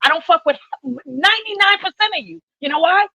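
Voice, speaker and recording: A woman in a heated stream chat, loud and profane, who interrupts and repeats herself. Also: very high-pitched, animated, brisk, vocal fry, no room sound, poor audio. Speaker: stream moderator.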